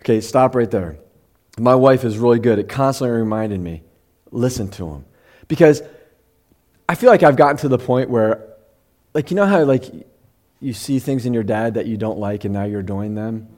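A middle-aged man preaching in a conversational sermon, who slows down to read scripture and at times gets emotional. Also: mid-range voice, a little mellow. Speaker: pastor.

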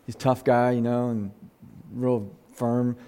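A man's voice: medium pitch, flat delivery, unhurried, warm tone, smooth. A man preaching a conversational sermon, earnest and close to tears, often restarting his sentences. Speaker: pastor.

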